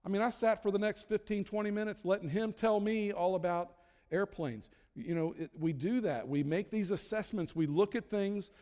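With a long reverb from the hall, a man preaches in a high, warm voice at a normal speed. His sermon is conversational and joking, with self-deprecating humor and many false starts.

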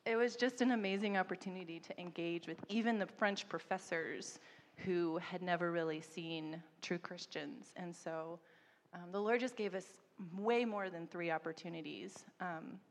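A missionary woman in her thirties telling a story, animated and laughing often, mimicking people in a higher voice. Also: normal speed. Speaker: missionary guest. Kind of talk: storytelling in a church interview. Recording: long hall reverb.

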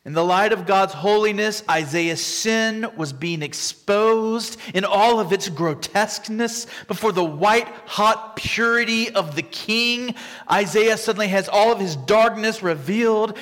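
High-voiced, slow, dramatic male preacher. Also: a bit bright. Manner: dramatic, acts out scripture quotes with sweeping shifts in volume. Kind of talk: expository sermon. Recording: long reverb from a large hall.

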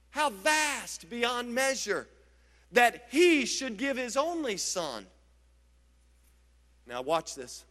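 High-voiced man preaching in a reverberant hall. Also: pushed and bright. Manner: emphatic preaching, drawn-out stresses. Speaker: pastor. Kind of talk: sermon.

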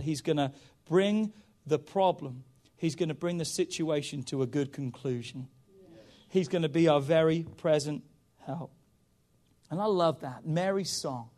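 Emphatic high-voiced male preacher. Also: darkish tone. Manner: emphatic, repeats "come on", rises and drops in volume. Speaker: pastor. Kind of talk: sermon.

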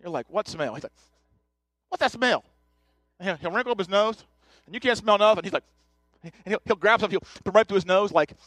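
High-voiced joking pastor man. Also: fairly bright tone, dry recording, studio quality. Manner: joking, chatty, talks straight to the congregation. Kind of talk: conversational sermon. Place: church sanctuary.

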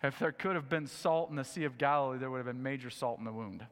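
A man preaching a sermon, reading scripture and acting out the story with lively asides. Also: medium pitch, fast, big-room sound. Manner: animated storytelling, acting out scenes. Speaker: pastor.

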